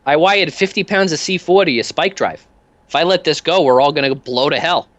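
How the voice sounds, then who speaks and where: A man voicing a cocky male robot thug with a high, smug, taunting put-on voice. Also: a little fast, fairly bright tone, no echo, muffled recording, natural voice.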